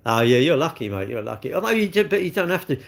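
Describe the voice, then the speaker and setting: A man's voice: a little high, big pitch swings, fast, vocal fry. A middle-aged man, chatting on a live stream and ranting with rhetorical questions. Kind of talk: casual live-stream chat.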